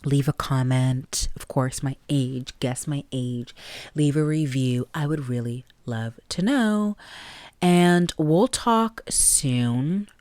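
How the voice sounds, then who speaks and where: A woman's voice: a bass voice, slow pace, a little mellow, no room sound. A young adult woman hosting a solo podcast, rambling casually with lots of fillers. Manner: rambling, chatty, with frequent likes and laughs. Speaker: podcast host. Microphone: plugged-in podcast mic.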